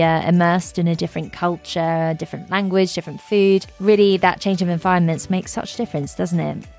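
Woman, podcast host, chatty travel monologue, gravelly edge, light background music. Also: lowish voice. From England. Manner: enthusiastic, gushing with fillers.

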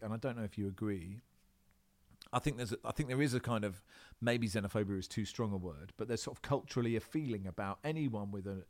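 A man, a football presenter living in Australia, chatting in an interview with lots of restarts and fillers. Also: mid-range voice. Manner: rambling, animated, many restarts. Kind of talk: casual interview chat. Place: home in Australia.

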